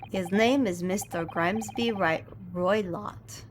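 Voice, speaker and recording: A woman voicing a gruff male Russian ship's guard who speaks slow, broken English with an attempted Russian accent, over some background noise. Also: medium pitch, lightly acted.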